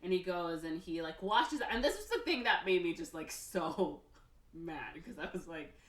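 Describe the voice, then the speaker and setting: A woman's voice: on the low side, moderate pace, a bit bright. A woman co-hosting a podcast, casually retelling a movie in a rambling way, full of fillers and acted-out lines. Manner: rambling, lots of "like" and "um", acts out characters. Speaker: podcast co-host. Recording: roomy, distant mic.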